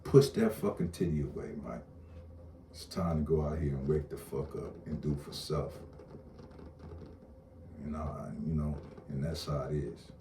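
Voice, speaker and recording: Deep-voiced man ranting bluntly to camera; mic set back, faint background hum. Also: moderate pace, pauses often, dark tone. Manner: blunt, profane, repetitive. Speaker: online commentator. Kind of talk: casual rant to camera. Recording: roomy echo, distant mic, faint ambience.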